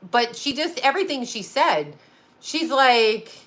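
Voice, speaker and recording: A middle-aged woman, a psychic medium hosting her own channel, chats casually on a livestream in a high, expressive, fairly bright voice at a measured pace. She rambles, gets emotional, and swears freely.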